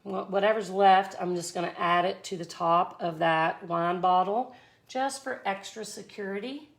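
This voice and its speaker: A woman's voice: mid-range voice, normal speed, gravelly. A woman from Mississippi with a Southern accent, chatty and effusive, giving a live art tutorial. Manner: chatty, effusive, exclaims often. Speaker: resin art instructor.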